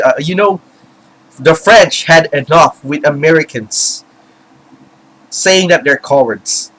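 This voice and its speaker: A man's voice: on the high side, a bit bright, poor audio. A man giving an impassioned, rambling commentary rant, with many fillers and restarts. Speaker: video commentator. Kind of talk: ranting commentary.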